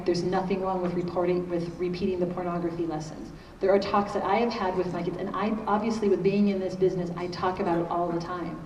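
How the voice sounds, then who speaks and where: Middle-aged woman speaker, lowish voice, chatty lecture style, picked up from afar in a big reverberant hall. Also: mellow. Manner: conversational, keeps checking in with "okay?". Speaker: conference speaker on parenting. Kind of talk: conference talk. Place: large conference hall. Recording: echoey hall, distant mic, faint noise.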